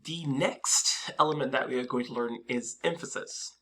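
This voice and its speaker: A man walks through a screen-recorded coding lesson with a bright, forward voice. He talks casually and hesitantly, filling gaps with ums and restarting sentences. Keyboard typing clicks sit behind his voice. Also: mid-range voice, normal speed. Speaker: coding instructor.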